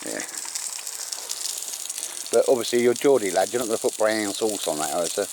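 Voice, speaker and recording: A man with a lowish voice talks casually while out in the woods, encouraging those around him and calling them mate and sir. The outdoor recording carries a clear layer of background noise. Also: expressive, fairly quick. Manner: chatty, encouraging, calls everyone mate and sir. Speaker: bushcraft vlogger and host.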